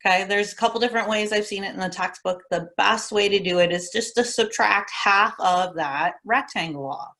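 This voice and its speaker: A woman's voice: mid-range voice, moderate pace, hardly any pauses, sharp tone. A woman teaching a recorded class lesson, walking through formulas methodically and repeating the key steps in a casual instructor tone. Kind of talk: recorded classroom lecture walkthrough.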